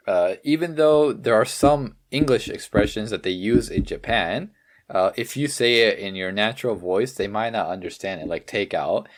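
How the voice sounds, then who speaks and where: Low-voiced easygoing male podcast host. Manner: laughs often, easygoing, leads the questions. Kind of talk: casual chat.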